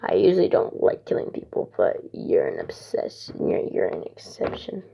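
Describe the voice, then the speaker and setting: A woman voicing a stern young male alien warrior who threatens a tyrant in a low, hushed, gruff voice. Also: sing-song, normal speed, a little hiss or hum, heavily acted. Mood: threatening. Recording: dull lo-fi recording.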